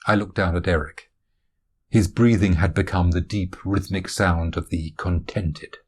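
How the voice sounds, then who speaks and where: A man's voice: sits low, steady tone, normal speed, a little mellow, slightly rough. A man reading his own novel aloud as audiobook narration, in a wry, self-deprecating first-person manner.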